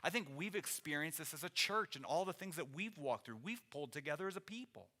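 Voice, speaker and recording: A male pastor delivering a sermon in a church with an earnest, conversational manner, often circling back to restart a phrase. His voice is bright and ringing, sitting a little above the usual male pitch. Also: animated, quick pace. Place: church sanctuary.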